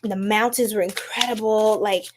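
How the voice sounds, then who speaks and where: A woman from the United States hosting a casual live-stream tarot reading, chatty and animated, laughing often and talking to her viewers. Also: mid-range voice, normal speed, background noise.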